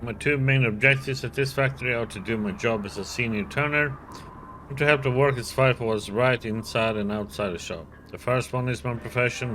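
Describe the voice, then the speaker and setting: A let's play streamer reads a role-playing game's text and dialogue aloud, voicing every character in a light, casual way. His voice is medium-pitched and fairly bright, with slight background noise.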